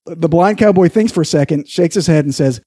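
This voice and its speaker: A man telling jokes in a casual chat, animated and laughing through his punchlines. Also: a little high, a little fast, husky, no echo, clean studio sound.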